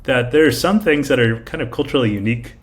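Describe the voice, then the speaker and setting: A man's voice: mid-range voice, fast talker. A man hosting a podcast interview, enthusiastic and full of fillers like "like" and "you know". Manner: enthusiastic, filler-heavy, says "like" often. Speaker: podcast host. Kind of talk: casual interview chat.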